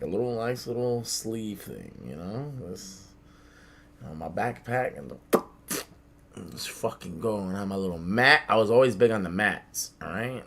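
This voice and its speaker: Animated young man telling stories, bright voice. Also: low-pitched, creaky, slight background noise. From the Bronx, New York. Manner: animated, swears a lot, acts out quotes. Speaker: podcast co-host. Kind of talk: casual storytelling among friends.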